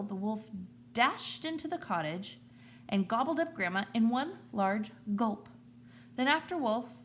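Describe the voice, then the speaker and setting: A woman teacher reading a children's story aloud in an expressive storytelling manner. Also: a little high, a little hiss or hum.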